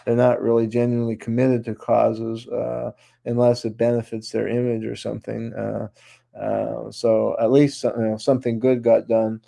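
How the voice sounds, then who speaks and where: A man's voice: mid-range voice, monotone, normal speed, creaky, warm tone. A man speaking as a guest on a radio interview show, talking in long runs with many restarts and fillers. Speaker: guest author.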